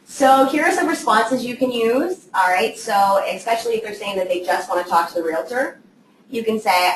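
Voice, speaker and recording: A woman's voice: a little high, lively intonation, moderate pace. A woman giving a casual training talk to a live group of assistants, checking in with them often. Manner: conversational, checks in with "okay?". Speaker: trainer for real estate assistants. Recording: echoey room, voice from far off, faint noise.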